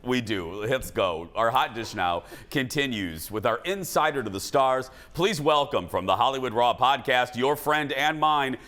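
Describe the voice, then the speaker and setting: Animated laughing talk show host man. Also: medium pitch, moderate pace, hardly any pauses, slight background noise. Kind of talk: live daytime talk show banter.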